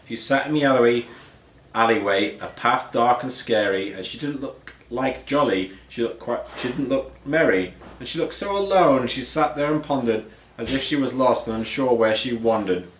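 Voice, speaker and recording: A man reads a rhyming children's book aloud in a steady, rhythmic cadence, now and then stumbling and restarting a word. His voice sits at an ordinary middle pitch. The recording has a roomy echo. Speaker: storyteller.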